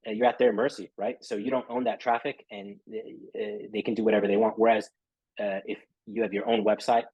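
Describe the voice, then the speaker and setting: A man's voice: lowish voice, darkish tone, breathy edge, no echo, lo-fi sound. A man talking casually as a guest in an interview, rambling and filling his talk with "you know" and "right?". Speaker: podcast guest, SEO marketer.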